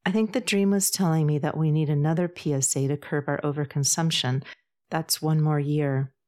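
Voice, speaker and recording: An earnest, sensitive young woman pleading for the planet in a spoken storybook, patient but passionate, as a woman reader puts her on. Her voice sits low. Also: fairly even intonation, moderate pace, darkish tone, lightly acted.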